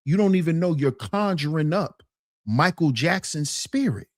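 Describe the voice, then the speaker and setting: Animated woman ranting on a stream. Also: low-pitched, normal speed, no echo, studio quality. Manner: animated, repetitive, mocking, laughs through points.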